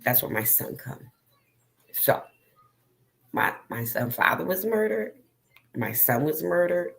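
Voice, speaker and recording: A woman's voice: deep voice, big pitch swings, slow pace, vocal fry, fairly bright tone. A middle-aged woman telling viewers an emotional personal story in an earnest, direct way, as a vlogger.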